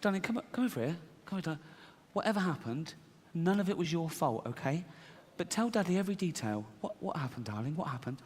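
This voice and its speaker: A man playing a soft, coaxing father. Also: fairly high pitch, lively intonation, quick pace, hardly any pauses, breathy edge. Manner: soft, coaxing, increasingly urgent. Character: anxious father at home, coaxing. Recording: reverberant live venue, faint ambience.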